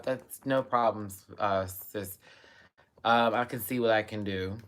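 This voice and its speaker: A young man hosting a live stream, reading viewer comments and chatting casually, with sudden high exclamations and bursts of laughter. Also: steady tone, slow, a bit bright.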